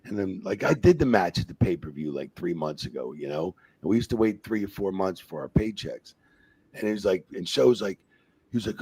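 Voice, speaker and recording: A man, a former wrestling referee, telling profane, animated stories on a casual podcast and jumping into other people's voices. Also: sits low, a little fast, breathy edge.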